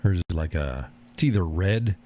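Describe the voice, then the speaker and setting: Casual stream host, male, low voice, folksy and rambling, chuckles a lot. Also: lively intonation, moderate pace, mellow, a little hiss or hum. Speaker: live-stream host reading viewer chat. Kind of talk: casual live-stream chat.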